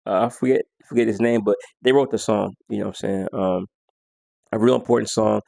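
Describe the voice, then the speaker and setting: Laid-back man with a gravelly voice. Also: fairly low pitch, fairly even intonation, fairly quick, dark tone, no room sound. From United States. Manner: laid-back, slangy, half-sings lyrics and beats. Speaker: music vlogger. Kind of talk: casual countdown commentary.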